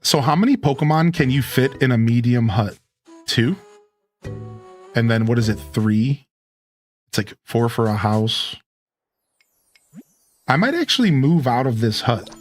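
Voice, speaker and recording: A man's voice: mid-range voice, lively intonation, a little slow, pauses often, faint music behind. A man streaming a video game and chatting casually with his viewers. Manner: chatty, talks to chat, "dude" and "like". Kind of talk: casual let's-play commentary.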